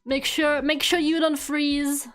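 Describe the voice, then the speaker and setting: A young woman streaming as a VTuber talks slowly in a high-pitched, level, somewhat bright voice. Her easygoing chat includes occasional giggles and swearing, backed by faint game music.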